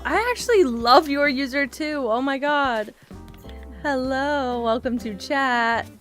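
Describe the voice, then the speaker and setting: Chatty high-voiced woman streamer. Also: slow, fairly bright tone, faint music behind. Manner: chatty, laughs and apologizes often. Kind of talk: casual chat.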